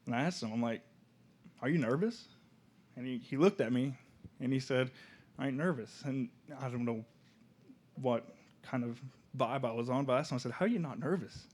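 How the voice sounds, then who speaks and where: Young man telling his story. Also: medium pitch. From Oklahoma. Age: young adult. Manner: casual, halting, soft-spoken at moments. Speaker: student speaker. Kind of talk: personal testimony storytelling.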